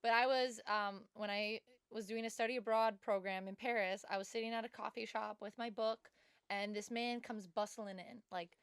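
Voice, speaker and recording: A woman's voice: mid-range voice, fairly even intonation, normal speed, clean tone, no room sound, clean studio sound. A young woman co-hosting a podcast, telling a story animatedly and acting out the dialogue. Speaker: podcast co-host. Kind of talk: casual chat.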